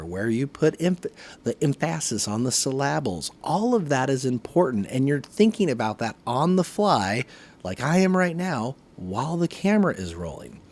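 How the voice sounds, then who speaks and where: A man hosting his podcast, talking casually to camera in one take, with lively emphasis and a habit of saying "right", recorded on a phone camera. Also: medium pitch, slightly rough. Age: adult, working a full-time job. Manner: conversational, varied emphasis, often says "right". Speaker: podcast host.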